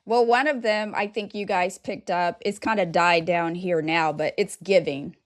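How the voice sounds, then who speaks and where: An American woman hosting a chatty interview, lively with sassy asides. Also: lowish voice, normal speed, no room sound, studio quality. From United States. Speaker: podcast host. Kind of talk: casual interview chat.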